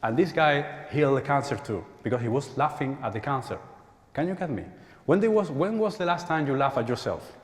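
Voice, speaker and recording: A man with a Spanish accent giving an animated inspirational talk at a conference, acting out quoted voices and laughing often. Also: medium pitch, brisk. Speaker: conference speaker. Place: large church hall. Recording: echoey hall with long reverb.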